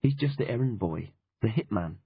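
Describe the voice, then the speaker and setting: A man doing a brisk, knowing woman. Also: on the low side, lively intonation, breathy edge, no echo, full character voice. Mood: matter-of-fact. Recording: dull lo-fi audiobook recording.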